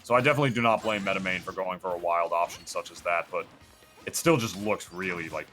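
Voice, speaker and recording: A man commentating a fighting-game match in a casual, excitable, joking way, full of "like". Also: sits low, quick pace, soft background music. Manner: excitable, joking, chatty with filler "like". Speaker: esports commentator.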